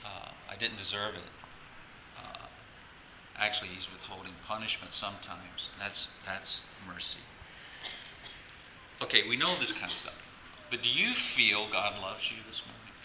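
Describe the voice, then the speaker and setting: A man pastor giving a casual, halting sermon to his congregation, repeating words and laughing often. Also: on the low side. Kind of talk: conversational sermon. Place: church sanctuary. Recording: echoey room, faint ambient noise.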